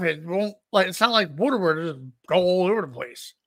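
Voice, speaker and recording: High, bright-voiced man telling crude stories. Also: fairly quick, hardly any pauses, dry recording, clean studio sound. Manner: rambling, profane, animated. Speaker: podcast co-host. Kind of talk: crude casual storytelling.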